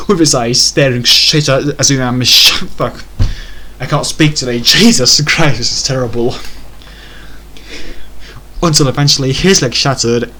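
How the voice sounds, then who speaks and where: A man's voice: medium pitch, sharp tone, slight background noise. A man reading fan fiction aloud for comedy, stumbling over words and breaking into incredulous, exasperated asides.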